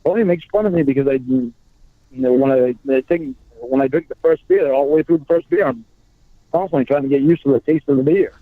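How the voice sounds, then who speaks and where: A man on a phone call, talking in halting bursts and repeating his words as he restarts. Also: mid-range voice, no room sound. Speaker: caller on a recorded phone call. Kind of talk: casual phone conversation. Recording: tinny phone line.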